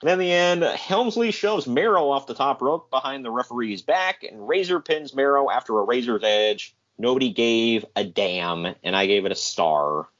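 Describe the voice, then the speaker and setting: A man's voice: mid-range voice, lively intonation, normal speed, hardly any pauses, fairly bright tone. A man co-hosting a podcast, recapping in a casual, sarcastic way and laughing often. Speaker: podcast co-host. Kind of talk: casual wrestling recap commentary. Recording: dull lo-fi podcast audio.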